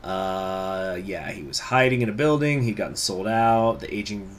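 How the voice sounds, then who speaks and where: A man's voice: lowish voice, normal speed, a little hiss or hum. A man hosting a strategy game playthrough, reading event text aloud and adding casual joking asides. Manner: casual, joking asides between read-out passages. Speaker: let's play host.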